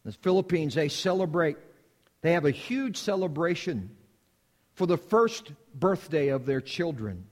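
Animated high-voiced preacher man in a hall. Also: measured pace. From United States. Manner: emphatic, repetitive preaching cadence. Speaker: preacher, missionary. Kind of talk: sermon.

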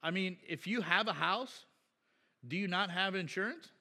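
A man's voice: high-pitched, normal speed, long reverb tail. A male pastor preaching in a blunt, conversational way and trading remarks with his congregation in a church. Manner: blunt, animated, talks back and forth with the congregation. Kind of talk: conversational sermon with congregation interaction.

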